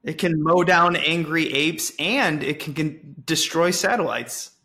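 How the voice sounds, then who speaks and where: A man's voice: fairly high pitch, unhurried, pushed and bright. A man hosting a podcast in casual chat, jokey, laughing as he retells movie scenes. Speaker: podcast host.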